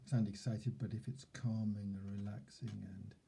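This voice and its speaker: A man giving a relaxed self-help lesson, thoughtfully recapping points and demonstrating tones of voice. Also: lowish voice, moderate pace, gravelly, soft background music. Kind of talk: relaxed instructional talk.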